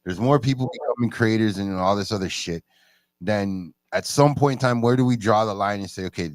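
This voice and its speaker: Animated man on a dry mic. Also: a little fast, no echo. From Canada. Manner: animated storyteller, jumps high in pitch for quoted speech. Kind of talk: casual chat.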